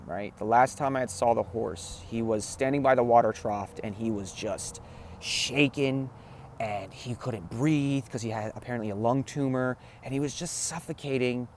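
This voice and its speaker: Earnest man telling a heartfelt story. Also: medium pitch. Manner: earnest, repeats phrases, keeps asking "right?". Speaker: spiritual talk host. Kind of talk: emotional personal storytelling.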